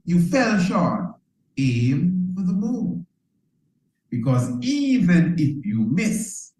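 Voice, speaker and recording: A man's voice: mid-range voice, dark tone. Preacher-like man in an echoey room. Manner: preacher-like, repeats phrases, asks "you understand?"; calls listeners "family", leads them in call and response. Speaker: motivational speaker. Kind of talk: motivational talk to an audience.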